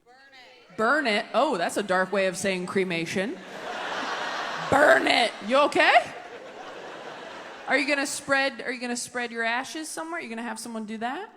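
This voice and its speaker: A woman's voice: fairly high pitch, lively intonation, background noise. Brash woman comic doing crowd work. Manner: brash, sarcastic, quick banter with the audience. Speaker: stand-up comedian. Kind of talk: stand-up set with crowd work. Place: comedy stage before a live audience. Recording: live show with loud crowd laughter.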